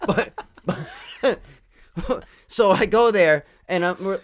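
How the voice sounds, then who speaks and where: A man's voice: sits high, slow pace. A young man co-hosting a podcast, telling a rambling story full of swearing and fillers in casual chat. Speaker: podcast co-host.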